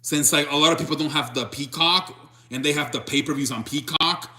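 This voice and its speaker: A young man hosting a sports stream, talking loosely to his chat with lots of restarts. His voice sits a bit high and sounds bright and forceful. He keeps it casual and unscripted. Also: fairly quick. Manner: rambling, restarts, reads chat aloud. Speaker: sports show host.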